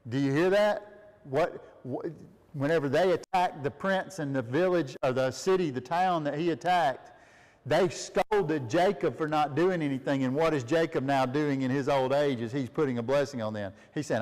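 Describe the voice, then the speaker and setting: A man's voice: fairly high pitch, normal speed, big-room sound. A man leading a family Bible study, reading scripture aloud and asking his listeners questions with frequent laughs. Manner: reads aloud, then asks listeners questions and laughs often.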